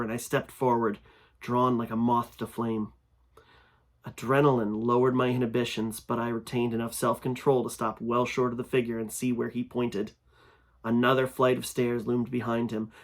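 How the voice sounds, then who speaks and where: A man narrates a first-person horror story at an even, middling pitch. His delivery builds louder and tenser in the frightening passages, in the manner of a fiction reading. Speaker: fiction reader.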